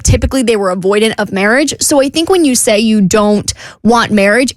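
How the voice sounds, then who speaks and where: Woman co-host thinking out loud, slightly high voice, dry close mic. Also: dry recording. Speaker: radio show co-host. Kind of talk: casual radio chat.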